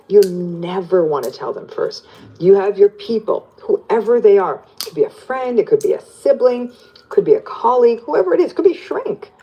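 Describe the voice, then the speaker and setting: A woman psychologist explaining in an interview, animated and lively as she acts out what people say. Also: on the low side, breathy edge, highs cut off. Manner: animated, plays out quoted voices. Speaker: psychologist guest.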